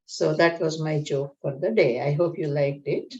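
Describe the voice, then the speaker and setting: A woman's voice: low-pitched, normal speed, darkish tone. A woman teaching a scripture study class in a conversational way, explaining Sanskrit terms and telling a joke. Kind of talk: spiritual lecture with a joke. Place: community class room. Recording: dull lo-fi lecture recording.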